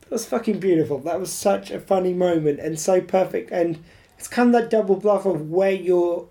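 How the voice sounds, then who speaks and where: Irish woman co-host, low mellow voice. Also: moderate pace, vocal fry. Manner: chatty, laughs often, hesitant restarts. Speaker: podcast co-host. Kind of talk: casual chat.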